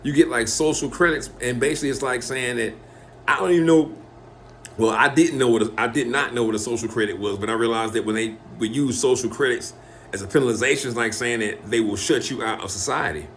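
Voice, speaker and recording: A man's voice: medium pitch, fast, fairly bright tone, slight background noise. A man, talking in a loose, profane monologue and acting out quoted lines in changed voices. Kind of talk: casual rambling monologue.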